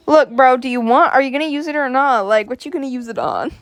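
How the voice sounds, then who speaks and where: A woman hosting a casual reaction vlog, excitable and exasperated, talking with plenty of slang. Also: high voice, quick pace, hardly any pauses. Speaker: host. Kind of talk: casual reaction vlog, reading a story aloud.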